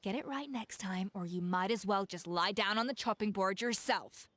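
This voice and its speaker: A woman's voice: medium pitch, normal speed, fairly bright tone, lightly acted. A woman voicing a strict head chef in a video game, scolding someone in a cutting tone. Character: stern woman head chef, exacting and sharp-tongued.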